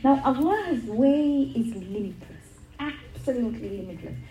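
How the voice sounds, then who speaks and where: A woman's voice: a little high, lively intonation, unhurried, mellow, echoey room, dull audio, a little hiss or hum. A middle-aged woman giving an earnest religious talk, telling stories and repeating words for emphasis. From England. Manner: earnest storytelling with emphatic repetition. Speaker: religious speaker.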